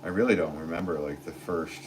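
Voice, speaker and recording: An American man in his forties, a potter chatting casually on a livestream and reading viewer comments in a rambling, relaxed way. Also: very deep voice, brisk, background noise. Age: 40s. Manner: rambling, relaxed, filler-heavy talk with laughs. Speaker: potter streaming live.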